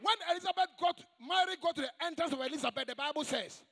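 High-pitched preaching man in echoing hall. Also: fast talker. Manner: emphatic, call-and-response preaching with shouted peaks. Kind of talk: sermon. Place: large church hall. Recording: long echoing church reverb.

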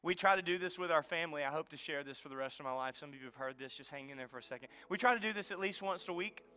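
A man in his thirties preaching a sermon in a church, telling family stories and dropping to a soft hush for emphasis. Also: fairly high pitch, racing. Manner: storytelling, drops to soft near-whisper for emphasis. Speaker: pastor. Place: church sanctuary.

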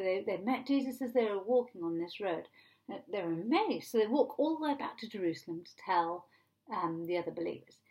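A woman pastor preaching a sermon in a conversational, animated way, retelling scripture like a story. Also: mid-range voice.

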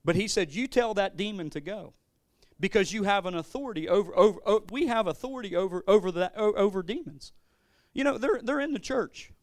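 A man preaching from the pulpit with a high-pitched voice, his delivery lurching between forceful proclamations and hushed, chatty storytelling. He often stumbles and restarts his phrases. The sound is close and dry. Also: fairly quick, dry recording. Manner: animated, swings between loud declarations and quiet storytelling, stammering restarts. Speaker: pastor. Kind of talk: sermon.

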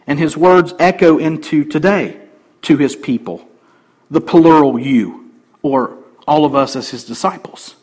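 Emphatic preaching man, slightly high voice. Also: a little slow, low-quality recording. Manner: emphatic preaching, swinging between loud declarations and quiet asides. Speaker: pastor. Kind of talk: sermon.

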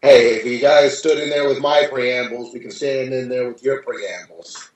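Relaxed man in an echoey room. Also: medium pitch, moderate pace, distant mic. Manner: laid-back, loose, lots of fillers. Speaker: podcast co-host. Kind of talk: casual movie discussion. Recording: echoey room, away from the mic.

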